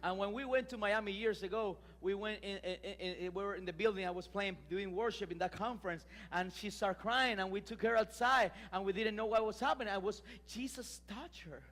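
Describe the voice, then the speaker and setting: High-voiced preacher in a reverberant hall. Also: male voice, brisk, hardly any pauses. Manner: lively, emphatic preaching with frequent restarts and laughter. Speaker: pastor. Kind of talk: sermon. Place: church sanctuary.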